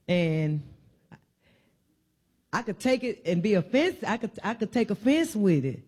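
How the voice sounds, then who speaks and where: A woman's voice: mid-range voice, very animated, unhurried, long pauses, darkish tone, slightly rough. A woman giving an informal sermon in a church, preaching conversationally and driving her points home with repeated emphatic phrases. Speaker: church speaker.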